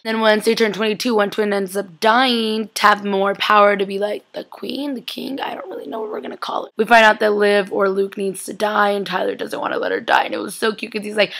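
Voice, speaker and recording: A young woman recapping a TV episode in a chatty, excitable way, full of "like" and acted-out quotes. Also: mid-range voice, fast, creaky, hardly any pauses. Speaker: vlogger.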